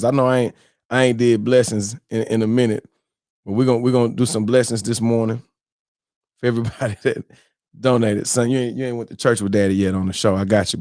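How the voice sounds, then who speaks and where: A man's voice: lowish voice, level tone, a little fast, a little mellow, no room sound. Guy in his 40s running a live morning show, slangy and joking, dry close sound. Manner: loose, joking, full of "you know" fillers and slang. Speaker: host of a live morning stream. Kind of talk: casual live-stream chat.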